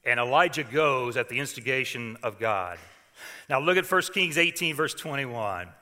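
An older man preaching a sermon, reading scripture dramatically, swinging between hushed lines and loud calls. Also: medium pitch, animated, moderate pace, long reverb tail. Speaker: pastor.

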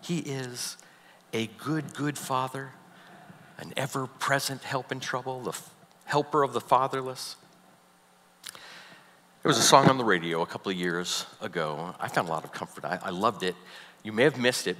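A man preaching a sermon as a pastor, animated, swinging from loud emphasis to soft, near-whispered passages. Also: mid-range voice, moderate pace, long pauses, big-room sound.

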